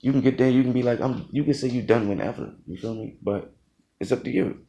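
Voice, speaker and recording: A man's voice: medium pitch, quick pace, vocal fry, dark tone, highs cut off. A young man, a former Marine, telling a boot camp story in a loose, laughing, slangy way. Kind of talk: casual storytelling vlog.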